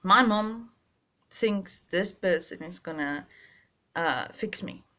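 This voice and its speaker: Young woman, slow and halting, a bit stuffy-nosed, confessional vlog storytelling. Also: lowish voice, expressive, pushed and bright. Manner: halting, emotional, many restarts and pauses. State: stuffy, sinus. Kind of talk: personal storytelling to camera.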